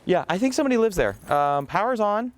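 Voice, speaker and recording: A man narrates a casual walk-through of his rental units. His voice sits on the high side and jumps around in pitch. He tells things like an animated story and laughs often. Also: quick pace. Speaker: real estate investor touring his property.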